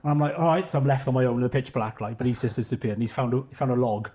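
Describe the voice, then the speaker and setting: A man, a podcast guest telling a running story casually, animated and swearing freely. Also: medium pitch, very fast. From South Wales. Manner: animated, swears freely, acts out his own quotes. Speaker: podcast guest, ultra runner.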